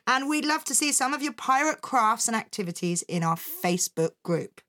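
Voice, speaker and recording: A woman hosting a children's story podcast, chatting in a lively, encouraging, playful way with her young co-host. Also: on the high side, normal speed. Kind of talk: friendly kids' podcast chat.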